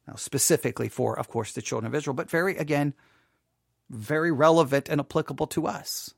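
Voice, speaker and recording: A man hosting a Bible podcast, chatting casually and restarting his sentences, then reading scripture slowly and solemnly. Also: a little high, vocal fry, no echo, studio quality. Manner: chatty and self-interrupting, reads scripture in a slow solemn cadence. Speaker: podcast host and Bible teacher. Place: small home studio.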